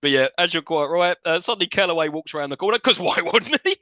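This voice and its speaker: A man's voice: on the high side, expressive, quick pace, sharp tone, no room sound. A man co-hosting a podcast, casually recapping a film with laughs and swearing. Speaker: podcast co-host.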